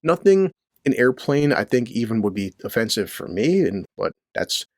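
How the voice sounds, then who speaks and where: A man's voice: medium pitch, very animated, moderate pace, no echo. A middle-aged man rants about the news from his basement, blunt and crude, swearing freely. His voice sits in a middle range and sounds dry and close to the mic. He talks in rhetorical questions and short jabs. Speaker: commentary channel host. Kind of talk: profane ranting commentary. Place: home basement near a boiler.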